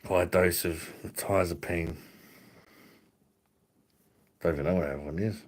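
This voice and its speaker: A man's voice: deep voice, fairly even intonation, slow, long pauses, a little hiss or hum. A man hosting a casual online livestream, swearing freely and bantering with viewers he greets by name. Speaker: livestream host.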